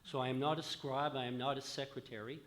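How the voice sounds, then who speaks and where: A man's voice: medium pitch, flat delivery, fast, a bit bright. A man, a physician, making an emphatic comment from the floor at a conference, often dropping his voice at the ends of phrases. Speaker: physician asking a question from the floor. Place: conference hall.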